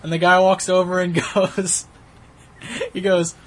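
A man's voice: sits high, unhurried. A man co-hosting a casual podcast chat, telling a story with lots of laughter. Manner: animated storyteller, laughs often. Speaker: podcast co-host.

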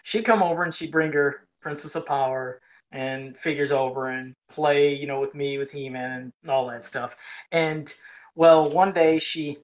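A man in casual podcast chat, telling a nostalgic story with lively swings in pitch. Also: measured pace, highs cut off.

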